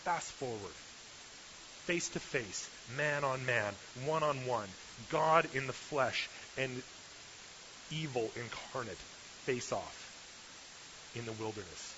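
A man preaching a sermon as pastor, retelling a story in a lively way and asking the listeners questions. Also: mid-range voice. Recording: slightly dull recording with faint hiss.

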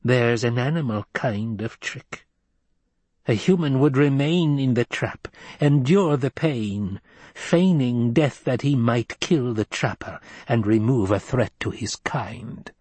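Old woman, imperious tester, slow and husky; a man reading it plays her. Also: medium pitch, a little mellow, dry recording. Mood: menacing. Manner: imperious, slow and menacing, dropping to whispers.

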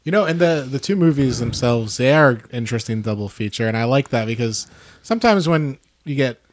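Man, casual movie chat, halting and excited, mid pitch. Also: dry recording. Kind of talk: casual film discussion.

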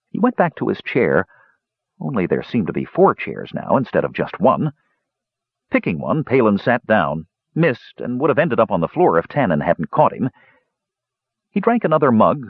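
A man narrating a fantasy audiobook in an expressive, dramatic reading. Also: fairly low pitch, normal speed, breathy edge, no echo, highs cut off.

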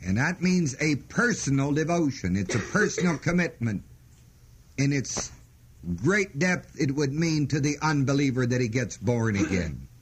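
Slow, emphatic man preaching a sermon. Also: medium pitch, animated, a little hiss or hum. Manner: slow, emphatic, repeats key phrases. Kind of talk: teaching sermon.

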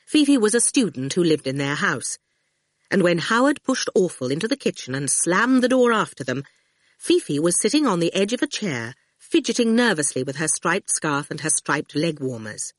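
A woman narrating an audiobook in an expressive storytelling manner, close to the mic. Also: fairly low pitch, normal speed, dry recording.

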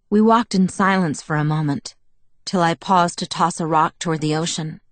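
A woman narrates a novel in the first person, measured and reflective. Her voice sits fairly low for a woman and is recorded dry and close, with no room sound around it. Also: dry recording. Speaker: audiobook narrator.

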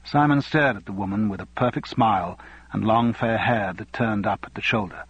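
A man narrates a novel at a measured, even pace. His voice is husky and sits at a middle pitch. The dry, close recording sounds dull. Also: no room sound. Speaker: audiobook narrator. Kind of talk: scripted narration.

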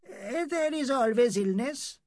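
A man puts on a fussy older doctor with a high-pitched voice that swings up and down as he frets. His English is clipped and broken, and he turns indignant at the slightest accusation. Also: expressive, slow pace, darkish tone, dry recording, clean studio sound, exaggerated voice. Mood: guarded.

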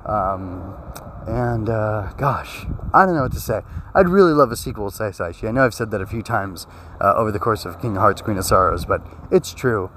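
A man's voice: fairly low pitch, lively intonation, normal speed, a bit bright, slight background noise. Rambling man with a sore throat. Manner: rambling, full of fillers and restarts; earnest and emotional. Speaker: anime episode reviewer. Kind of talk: casual spoken review.

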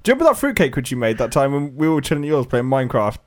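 A man's voice: mid-range voice, big pitch swings, racing. A young man from Britain, co-hosting a podcast in a laid-back, laughing way. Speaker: podcast co-host. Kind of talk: casual chat.

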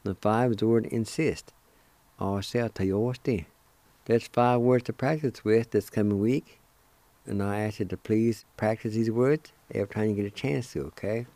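Language teacher, male: low, mellow voice, very slow and careful, dry close recording, spells syllables one at a time. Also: fairly even intonation, no echo.

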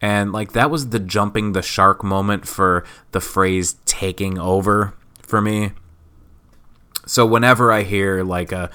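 A man's voice: fairly low pitch, fairly even intonation, measured pace, bright, forceful tone, smooth. A man in his thirties from Wisconsin, sick, hosting a casual solo podcast with rambling, self-mocking jokes. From Wisconsin, USA. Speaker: podcast host.

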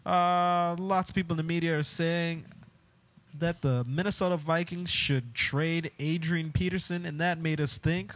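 A man with a fairly high voice hosts a casual sports podcast. He keeps an upbeat tone and laughs often as he steers the talk from one topic to the next. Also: fairly even intonation, measured pace, a bit bright. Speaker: podcast co-host.

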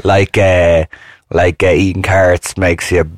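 A man's voice: sits low, level tone, unhurried, dry recording, studio quality. A man co-hosting a podcast, rambling with fillers and laughing often. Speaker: podcast co-host. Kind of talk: casual chat.

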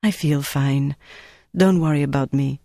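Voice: mid-range voice, a little slow, vocal fry, no room sound, studio quality. A narrator voicing a composed young French woman who speaks coolly, in an audiobook. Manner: cool and calm on the phone. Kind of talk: audiobook character voice.

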